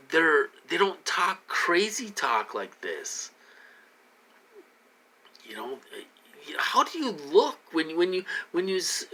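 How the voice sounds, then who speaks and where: Man, vlog monologue, rambling and repetitive, slightly tipsy, bright edgy voice, fairly high. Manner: rambling, repetitive, many restarts, swings between loud and muttering. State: a little tipsy from a drink. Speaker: vlogger.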